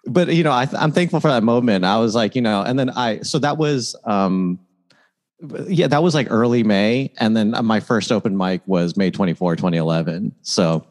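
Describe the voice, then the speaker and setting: A man's voice: on the low side, moderate pace. A man in his thirties, a comedian, telling stories casually with lots of laughs and fillers. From United States. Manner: laughing, loose storytelling with many "like"s. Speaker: comedian, podcast guest. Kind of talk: casual chat.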